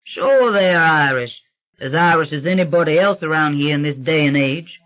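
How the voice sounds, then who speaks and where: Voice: medium pitch, moderate pace, lo-fi sound, natural voice. An audiobook reader voicing a husband who tells wry, gossipy funeral stories.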